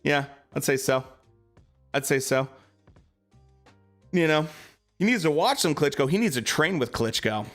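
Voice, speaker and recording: A man's voice: on the high side, animated, a little slow, long pauses, a bit bright, soft background music. A man streaming live, chatting casually about boxing and answering his viewers, with lots of fillers.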